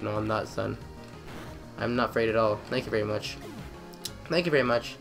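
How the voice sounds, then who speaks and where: A young man giving excitable let's-play commentary, trash-talking the game and repeating phrases in quick bursts. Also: lowish voice, gravelly, music in the background. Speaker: gamer.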